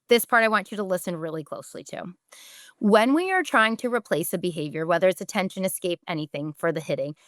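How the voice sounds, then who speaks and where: A woman's voice: mid-range voice, a bit bright, dry recording, clean studio sound. A woman, a podcast host giving direct, emphatic parenting advice and briefly acting out what parents and children say.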